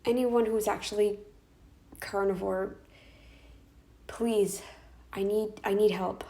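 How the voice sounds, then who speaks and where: Her mid-range voice is creaky and dark, slow and fairly even in intonation. Indoors in her bedroom, the vlogger delivers an emotional, upset rant, tearful and worn out, sighing and restarting often.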